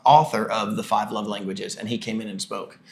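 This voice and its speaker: A man's voice: fairly low pitch, flat delivery, a little fast, a little hiss or hum. A man co-hosting a casual podcast with his wife, chatty and self-deprecating, acting out what he said in quotes. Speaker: podcast co-host, pastor. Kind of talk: casual conversation.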